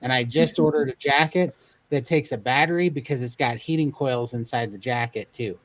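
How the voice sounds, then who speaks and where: A man's voice: mid-range voice, moderate pace. A man chatting casually on a livestream panel, telling stories with a joking manner and lots of fillers. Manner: joking storyteller, many fillers. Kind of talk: casual chat.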